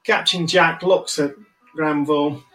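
A man running a tabletop game as game master, narrating in a relaxed, conversational way. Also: a little high, a little slow, faint music behind, rough recording.

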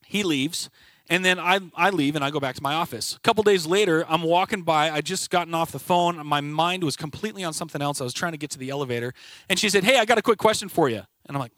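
A man's voice: fairly high pitch, fast, fairly bright tone, no room sound. Earnest man telling a personal story. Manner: storytelling, quoting others in conversation. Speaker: team leader at a brokerage. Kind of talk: personal testimony talk.

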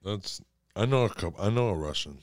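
A man's voice: fairly low pitch, lively intonation, brisk, no echo, clean studio sound. A man in a casual chat who rambles, swears a lot and laughs often.

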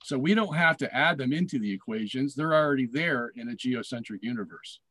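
A man's voice: mid-range voice, animated, a little fast, sharp tone, breathy edge, dry recording. A man in a live online debate, arguing in an insistent way. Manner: insistent, argumentative. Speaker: debate guest.

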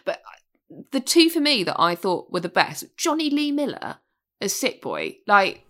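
A woman's voice: medium pitch, huge pitch swings, unhurried, sharp tone. A British woman chatting about a film's cast, enthusiastic and prone to repeating herself. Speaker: podcast co-host. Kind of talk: casual film discussion.

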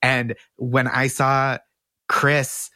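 A man's voice: medium pitch, drawn-out words, no echo, studio quality. A man, a comedian guest on a podcast, telling stories in casual chat and acting out quotes with bursts of laughter. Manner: animated storyteller who acts out quotes with laughs.

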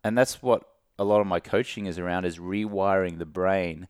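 A man's voice: low voice, fairly even intonation, normal speed, a little mellow, clear, resonant tone, no room sound. Australian-raised guy coaching on a podcast, plays out mini scenes, dry close mic. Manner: acts out little dialogues with shifting voices. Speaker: guest, alcohol-free coach. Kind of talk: animated podcast interview.

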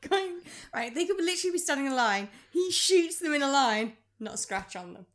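A woman co-hosting a film podcast, giving blunt, sarcastic, animated opinions in casual chat. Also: sits high, fairly quick. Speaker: podcast co-host.

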